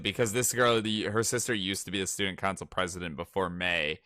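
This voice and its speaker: A young man talks through manga chapters in a loose, profane rush, with a slightly low but bright, cutting voice. The sound is dry and close, with no room around it. He gets worked up and slips into mocking voices. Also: normal speed, few pauses, clean tone, no room sound. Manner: profane, excitable, breaks into mock character voices. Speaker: podcast co-host. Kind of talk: casual chat reading manga aloud.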